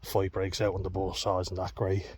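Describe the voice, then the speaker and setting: Low-voiced Irish man venting. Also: completely flat delivery, moderate pace, a little mellow, a little hiss or hum. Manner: heated, sweary, candid recounting. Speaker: vlogger. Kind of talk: personal storytelling vlog.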